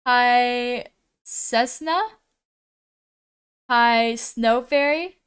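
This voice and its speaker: Slow, smooth-voiced woman streamer. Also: on the high side, fairly bright tone. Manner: greets chat viewers one by one, stumbling over their names; slow, unhurried delivery with frequent "um"s. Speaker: live streamer. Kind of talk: live gaming stream chat.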